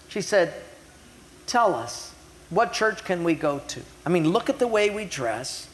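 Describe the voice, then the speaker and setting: Male pastor, preaching, casual retelling, slows for emphasis, slightly high voice, echoing hall. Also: animated. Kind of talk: sermon.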